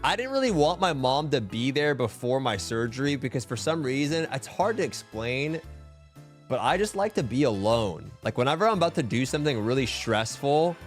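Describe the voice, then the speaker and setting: A man's voice: mid-range voice, very animated, moderate pace, soft background music. A young man and streamer telling a story in casual chat, rambling with lots of filler words and swearing.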